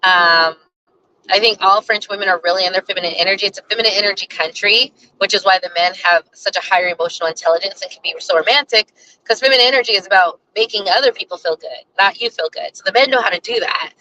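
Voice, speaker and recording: Woman, rambling casual vlog, crisp bright tone, faint background hiss. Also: mid-range voice, fast talker, poor audio. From United States. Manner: chatty, rambling, frequent fillers. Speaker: vlogger. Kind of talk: casual chat.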